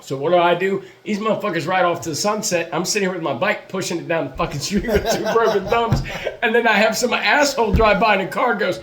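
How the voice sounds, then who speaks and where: A man with a fairly high voice tells a rowdy story in a casual podcast chat. He swears freely, laughs often and acts out each moment as he goes. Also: quick pace, crowd noise. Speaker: podcast host.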